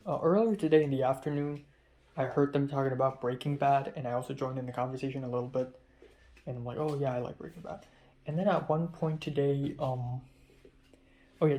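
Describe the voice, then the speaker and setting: A man's voice: medium pitch, a little mellow. A young adult man talking casually to camera in a vlog diary, rambling and correcting himself as he tells stories about his day. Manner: rambling, self-correcting storyteller. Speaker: vlogger.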